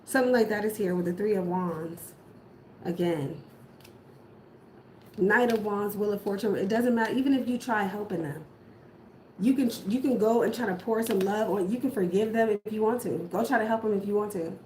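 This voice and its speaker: A woman's voice: mid-range voice, normal speed, a little mellow. A woman gives a casual tarot reading in a mid-range voice, driving her warnings home with emphatic repetition. Her voice rings in an echoey room. A faint noise sits underneath. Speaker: tarot reader.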